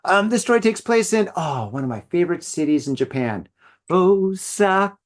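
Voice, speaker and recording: A middle-aged man talks through a solo podcast episode in a loose, rambling way, full of likes and you-knows. His voice sits on the high side for a man, and he often laughs at his own jokes. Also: big pitch swings, fairly quick. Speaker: podcast host. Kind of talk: solo podcast casual chat.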